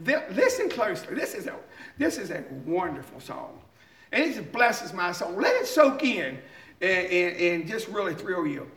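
A man's voice: sits high, big pitch swings, fairly bright tone, reverberant. A man preaching a sermon with emphasis, often asking "okay?" and laughing between points. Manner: reads hymn lines slowly and deliberately.

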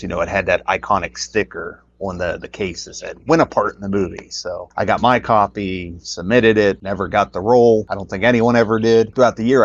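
Brief: deep-voiced man from Pennsylvania, relaxed rambling storyteller, muffled lo-fi sound. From Pennsylvania, USA. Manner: rambling, with many fillers and restarts. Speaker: interview guest, documentary creator. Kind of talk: casual storytelling. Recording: muffled lo-fi audio.

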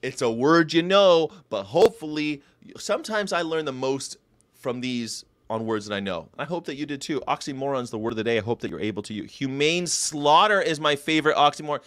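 Animated man hosting a casual stream. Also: medium pitch, a little fast, slight background noise. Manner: animated, swears, sudden loud outbursts. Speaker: host. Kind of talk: casual livestream commentary.

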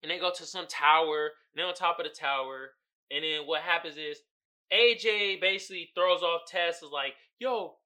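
A man's voice: fairly high pitch, moderate pace, bright, forceful tone. A man hosting a podcast, recapping a movie in a casual, profane, storytelling way with frequent laughter. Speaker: podcast host.

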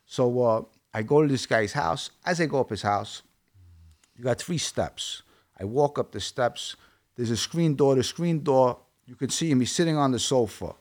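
A man's voice: medium pitch, normal speed. A man from Brooklyn with a Brooklyn accent, a guest telling his story bluntly in a casual interview and quoting dialogue. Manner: blunt, streetwise, quotes dialogue.

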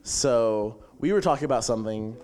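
A young man casually telling a funny camp story, animated and laughing as he goes. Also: medium pitch, normal speed. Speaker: camp attendee sharing a testimony.

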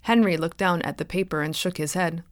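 A woman author narrating her own short story in a clear, measured storytelling voice. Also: lowish voice, no room sound, studio quality. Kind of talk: scripted narration.

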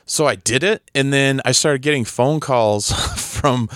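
A man's voice: medium pitch, a little slow, a bit bright, clean tone, no room sound, studio quality. A man telling stories in a casual chat, laughing often and acting out the people he quotes. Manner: storytelling, laughs often, acts out quoted voices.

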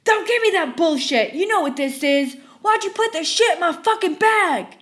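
A woman's voice: extremely high pitch, expressive, normal speed, a bit bright, voice pushed up. A woman voicing a furious man in his fifties who screams and curses at a drive-thru worker. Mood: enraged. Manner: screaming, cursing, ranting.

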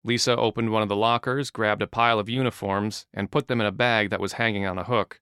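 A man narrating an audiobook in a steady, even reading style. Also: fairly low pitch, fast talker, smooth, dry recording, studio quality.

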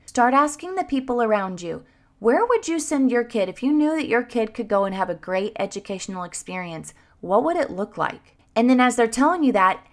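A woman in her thirties hosting a motivational podcast for teachers, talking with gushing, encouraging enthusiasm. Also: on the high side. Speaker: podcast host coaching teachers.

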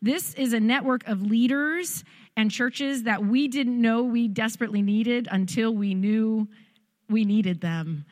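A woman's voice: fairly high pitch, a little slow, a little mellow. A woman who leads the church, casually and gratefully introducing two visiting guests. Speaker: church leader.

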